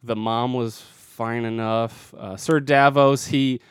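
A man's voice: mid-range voice, fairly even intonation, takes it slowly, smooth, dry recording. A man co-hosting a casual movie review podcast, opinionated and often restarting his sentences. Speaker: podcast co-host.

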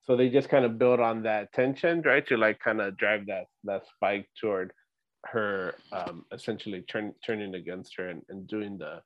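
A man with a low voice thinks out loud about a film's characters, checking in with "right?" as he goes. The audio is dry and a bit muffled, with no room sound. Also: normal speed, no echo. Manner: reflective, analytical, often adds "right?". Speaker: podcast co-host. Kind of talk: casual rewatch chat.

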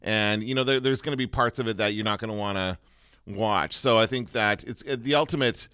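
Casual podcast co-host, man, bright and forceful tone, dry close sound, rambly delivery. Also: fairly low pitch, brisk, clean tone, dry recording. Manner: rambling, many restarts and fillers. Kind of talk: casual chat.

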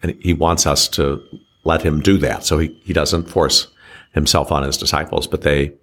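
A man speaking as an archbishop in a reflective teaching conversation, slow and measured, often pausing and restarting his sentences. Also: rumbling low, steady tone, fairly bright tone.

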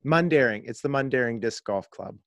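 Male podcast guest, lively storyteller, mid pitch, dry close mic. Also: fairly quick, creaky, no room sound. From Kansas, USA. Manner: animated storyteller, laughs often. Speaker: guest, disc golf video creator. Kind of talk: casual podcast chat, storytelling.

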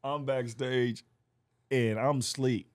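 A man guesting on a podcast, telling a long story in animated fashion and acting out the voices of the people in it. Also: medium pitch, slow. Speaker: guest comedian. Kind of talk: casual podcast chat.

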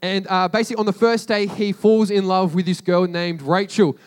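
A man's voice: sits high, steady tone, moderate pace, a little mellow, clear, resonant tone. A man casually retelling a story to a group as a sermon, chatty and slangy, with frequent asides to his listeners.

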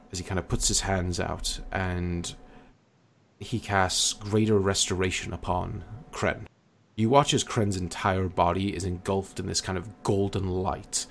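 A man narrating a tabletop game as game master, in a relaxed, filler-heavy way. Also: deep voice, gravelly, slight background noise.

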